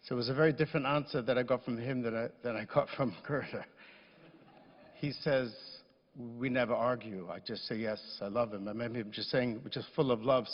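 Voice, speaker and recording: A man giving a funeral eulogy, speaking gently and fondly as he recalls a visit. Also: medium pitch. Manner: gentle, reminiscing, warm toward the widow. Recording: echoey hall, dull lo-fi sound.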